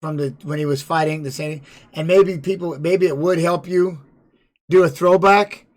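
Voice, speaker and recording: Guy rambling thru funny stories, kinda high voice, gets loud n animated. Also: moderate pace. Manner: rambling, animated storytelling with laughs. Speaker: podcast host and former fighter. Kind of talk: casual chat and storytelling.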